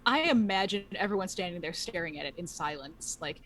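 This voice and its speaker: A woman playing a tabletop role-playing game, talking casually and haltingly. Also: lowish voice, animated, a bit bright, slight background noise. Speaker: player.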